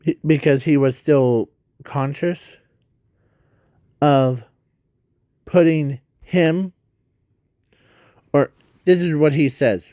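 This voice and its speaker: A man improvising a fan story in a rambling, halting way, often stopping to correct himself. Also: fairly high pitch, dark tone, dry recording.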